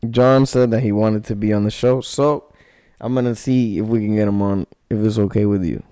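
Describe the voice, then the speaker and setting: Smooth-voiced laid-back young man. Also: fairly low pitch, fairly even intonation, moderate pace, dark tone. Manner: laid-back, drawling, swears casually. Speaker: podcast co-host. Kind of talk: casual chat.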